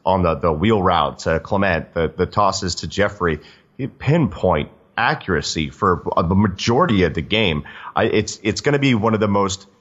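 A man in a casual sports podcast, analyzing the game in a quick, rambling way. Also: deep voice, animated, a bit bright, highs cut off. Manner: fast, analytical, many restarts.

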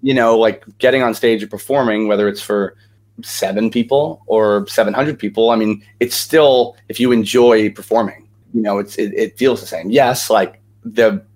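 A man's voice: lowish voice, moderate pace, a little mellow. A young man, an actor and singer, telling stories as a guest in a casual interview, chatty and full of energy, with lots of fillers.

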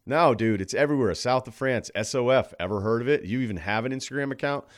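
A man of middle pitch trading sports talk as a podcast guest. He rambles through his points with a wry, teasing tone. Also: fast talker. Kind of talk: casual sports chat.

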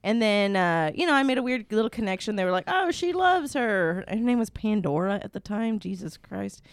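A woman's voice: medium pitch, fairly quick, smooth, no room sound, studio quality. A young adult woman co-hosting a podcast, telling a long anecdote in casual chat with lots of fillers. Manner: rambling anecdote with many fillers. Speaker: podcast co-host.

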